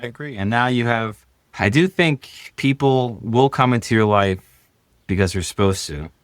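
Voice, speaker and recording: A man's voice: mid-range voice, normal speed, dry recording, clean studio sound. A man in a podcast conversation who affirms and encourages his partner and asks follow-up questions.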